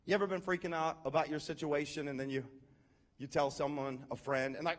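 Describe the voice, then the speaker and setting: A male pastor preaching a sermon in a conversational, animated way, calling out questions to his congregation. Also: fairly high pitch, a little fast.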